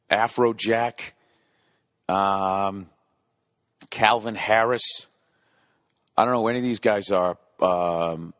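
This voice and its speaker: In a dry, studio-quality recording, a man in his forties with a fairly low voice hosts a solo comedy podcast. He rants profanely and rambles, then scolds himself to get back on topic.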